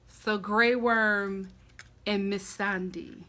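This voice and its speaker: A woman giving a casual, animated and sassy recap of a TV episode, full of dramatic reactions. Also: fairly high pitch, normal speed. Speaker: recap vlogger.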